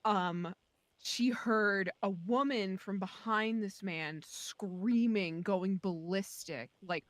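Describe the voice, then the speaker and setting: A woman tells a long, meandering story over a voice call from home, her delivery stuffed with "like"s and little restarts. She sits at a mid pitch, and her voice comes through dry and close, with no room sound. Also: slow pace, fairly bright tone, no echo. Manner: rambling, many fillers and likes. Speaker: friend on voice chat. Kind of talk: casual storytelling.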